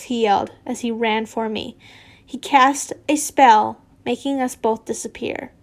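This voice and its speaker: A woman's voice: a little high, steady tone, measured pace. A woman casually reading fan fiction aloud, giggling and stumbling over words and correcting herself.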